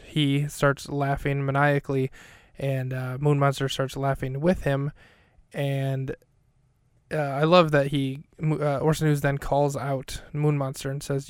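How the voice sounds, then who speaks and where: A man's voice: mid-range voice, completely flat delivery, normal speed, clean tone, no room sound, studio quality. A man hosting a podcast, recapping an episode in a casual, rambling way, full of fillers and self-corrections. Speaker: podcast host.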